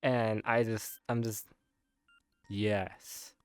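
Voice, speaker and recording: A man's voice: medium pitch, unhurried, darkish tone, no echo. A young man casually retelling a dream, rambling with many filler words and frequent laughs. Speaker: content creator.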